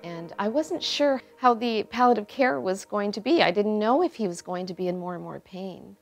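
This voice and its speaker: A woman's voice: mid-range voice, expressive, normal speed, vocal fry, faint music behind. Thoughtful woman, family caregiver. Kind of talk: interview testimony.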